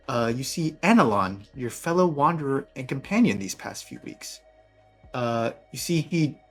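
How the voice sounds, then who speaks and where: A man running a tabletop game as game master, setting scenes cinematically with some fillers. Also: mid-range voice.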